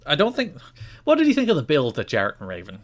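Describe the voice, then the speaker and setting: A man co-hosting a podcast in casual chat, retelling events in an animated, exasperated way. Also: on the high side, quick pace. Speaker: podcast co-host.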